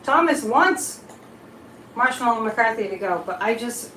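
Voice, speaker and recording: A woman's voice: on the high side, expressive, a little slow, fairly bright tone, a little hiss or hum. Chatty woman host in an echoey room. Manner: chatty, drifting off topic, reading chat comments aloud. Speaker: psychic livestream host. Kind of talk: casual live-stream chat with tarot reading.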